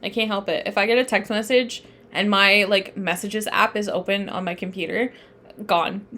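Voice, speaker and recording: A woman's voice: medium pitch, brisk, a bit bright, slight background noise. Chatty, easily sidetracked young woman. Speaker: tarot teacher streaming live. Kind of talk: casual live-stream lesson.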